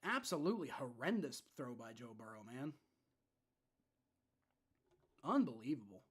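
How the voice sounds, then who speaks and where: A young man hosting a live fan reaction stream with play-by-play, frustrated and swearing, dropping to low mutters and rising to shouts. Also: big pitch swings, brisk, husky. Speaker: livestream reaction host.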